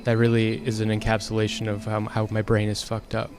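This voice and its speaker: A man's voice: fairly low pitch, monotone, a little fast, noisy background. A young man telling a personal story in a casual, frank monologue, exasperated and swearing freely. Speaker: streamer.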